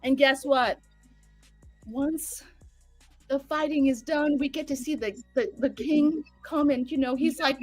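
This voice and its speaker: A woman recapping a show in casual, profane, animated storytelling. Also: high voice, measured pace, no room sound, soft background music. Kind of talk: casual chat.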